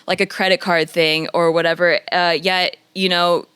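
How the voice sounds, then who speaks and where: A woman co-hosting a casual panel chat, speaking frankly and talking her arguments through out loud. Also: fairly low pitch, level tone, normal speed, clean tone, no echo. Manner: frank, argues points out loud.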